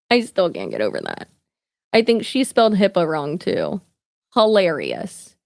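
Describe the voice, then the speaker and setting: A woman's voice: on the low side, wildly swooping pitch, creaky. Chatty woman live-streaming. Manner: chatty, quick asides with laughs and fillers. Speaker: vlogger. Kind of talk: casual live-stream chat.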